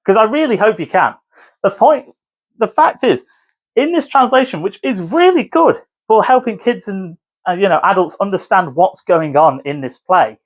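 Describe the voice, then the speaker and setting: Animated rambling male teacher. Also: high voice, normal speed. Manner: rambling, self-correcting, animated explainer. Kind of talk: casual video commentary.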